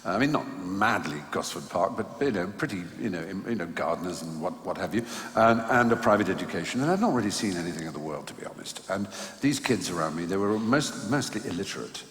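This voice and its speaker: Man, live stage raconteur, wry and self-mocking, lowish voice, roomy theatre reverb. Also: lively intonation, fairly bright tone. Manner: wry, self-mocking, halting anecdotal delivery. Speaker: stage guest telling anecdotes. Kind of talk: live storytelling conversation. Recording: echoey hall, live venue ambience.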